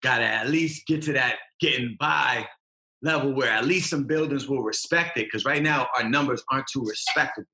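A rapper from Massachusetts, appearing as a guest on a casual podcast interview, talks passionately and emphatically using street slang. His medium-pitched voice has a sharp tone at a moderate pace, and the sound is roomy.

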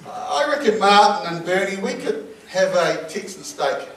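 A man's voice: high-pitched, expressive, moderate pace, a little hiss or hum. A middle-aged man with a New Zealand accent preaching a sermon, telling jovial stories and laughing often. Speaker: pastor. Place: church hall with congregation. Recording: echoey hall, mic from a distance.

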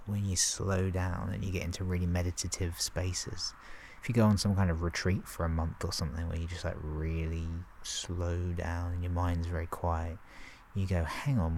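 A man talking in a relaxed, rambling way about self-awareness, laughing softly and acting out his inner thoughts. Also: low-pitched, vocal fry, a little hiss or hum. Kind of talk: relaxed casual monologue.

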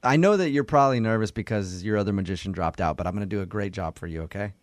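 Fast-talking male radio host. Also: fairly low pitch, dry recording, studio quality. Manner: reassuring, upbeat salesman patter. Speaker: radio morning show host. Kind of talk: prank phone call.

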